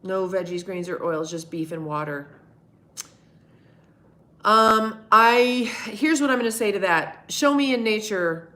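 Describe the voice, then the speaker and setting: A woman's voice: medium pitch, measured pace, bright, forceful tone. A middle-aged woman hosting a live stream, answering chat in a candid, rambling way and swearing freely. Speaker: livestream host answering chat.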